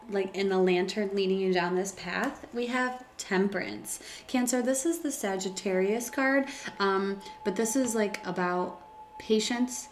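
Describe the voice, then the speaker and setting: In an echoey room, a woman with a medium-pitched voice gives a casual tarot reading. She rambles, using many fillers and restarting often.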